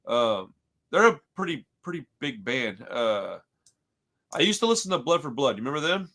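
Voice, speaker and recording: A man's voice: medium pitch, very animated, normal speed, pushed and bright. A man from Houston in his thirties hosting a casual podcast chat, telling rambling stories full of dude, bro and swearing. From Houston, Texas. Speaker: podcast host.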